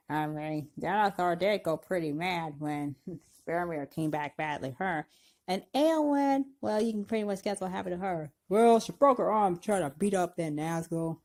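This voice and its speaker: A woman co-hosting a casual fan chat show, talking in a chatty, giggly way that is full of laughs and restarts. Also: medium pitch. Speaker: show co-host.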